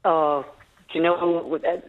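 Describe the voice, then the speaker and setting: A woman's voice: sits low, steady tone, takes it slowly, no room sound. A woman phoning in to a radio show as a mother, forthright and opinionated, laughing often. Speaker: caller, mother. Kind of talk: phone-in chat. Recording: dry tinny phone line.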